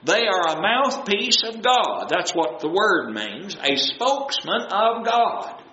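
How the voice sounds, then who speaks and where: Very animated and sharp-toned, his high voice moves slowly as he leads an earnest, folksy Bible study like a sermon. He poses questions and answers them himself while plainly paraphrasing scripture, recorded with a roomy, dull sound and faint noise.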